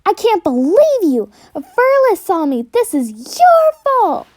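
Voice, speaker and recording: A woman voicing a bossy female cloud cat who scolds loudly and gives orders. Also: sits high, lively intonation, moderate pace. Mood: scolding. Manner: loud, scolding, commanding.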